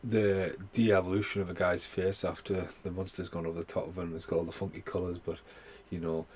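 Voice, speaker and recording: A man's voice: deep voice, level tone, brisk, a little mellow, slightly rough. A man giving a rambling, heavily sworn casual film review, full of fillers. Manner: swears a lot, rambling with many fillers. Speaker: movie reviewer.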